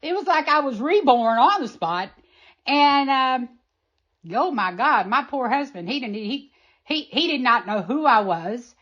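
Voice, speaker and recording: A woman being interviewed, telling a personal story in an animated, emphatic way. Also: sits high, unhurried, muffled recording. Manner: animated, emphatic, acts out quoted voices.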